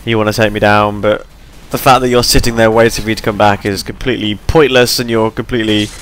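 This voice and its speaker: A man's voice: lowish voice, flat delivery, fast, a bit bright, clean tone. Tired, rambling young man. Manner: rambling, chatty, self-deprecating. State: tired and yawning. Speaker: gameplay commentator. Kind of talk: casual gameplay commentary.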